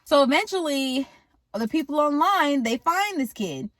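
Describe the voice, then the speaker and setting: Woman movie reviewer, slangy and jokey, fairly high voice, dry close sound. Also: expressive, measured pace, a bit bright, no room sound. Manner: slangy, jokey, acts out the characters. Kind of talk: casual movie recap.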